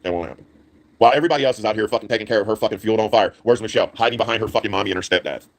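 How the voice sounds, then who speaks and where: A man's voice: fairly low pitch, racing. A man ranting angrily on a live stream, swearing heavily and repeating himself. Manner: profane, heated, repetitive. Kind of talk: angry rant.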